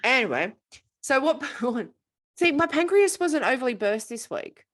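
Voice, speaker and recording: A woman co-hosting a podcast, chatting casually and venting in an animated, exasperated way, swearing freely. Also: high-pitched, a little slow. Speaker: podcast co-host. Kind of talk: casual chat.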